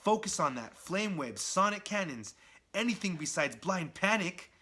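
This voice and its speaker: Brief: frantic young hero, high and strained, talking fast to himself, voiced by a man. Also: very animated, sharp tone, slightly rough, exaggerated voice. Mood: urgent. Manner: frantic, urgent, anxious. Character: panicked young male superhero, frantic.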